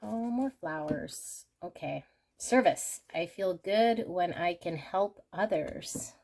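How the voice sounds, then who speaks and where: A woman's voice: fairly low pitch, slow pace, darkish tone. A woman hosting a pick-a-card tarot reading, talking in a gushing, exclamatory way as she turns the cards. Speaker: tarot reader.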